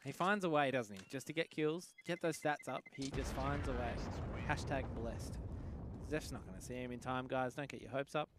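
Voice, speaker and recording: A man's voice: mid-range voice, normal speed, background noise. A man giving live esports commentary, playful and full of jokes. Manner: jokey, playful banter. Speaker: esports caster.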